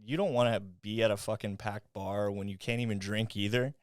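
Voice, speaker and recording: Low-voiced swearing young man. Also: steady tone, fairly quick, dry recording, studio quality. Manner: swearing, storytelling, laughs often. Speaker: podcast co-host. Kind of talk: casual chat.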